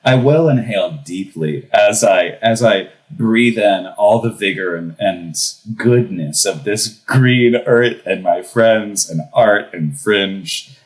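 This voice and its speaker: A young man in his thirties telling a comic personal story in a casual podcast conversation, animated and laughing as he goes. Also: on the low side, slow, rough recording. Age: young adult. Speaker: podcast guest.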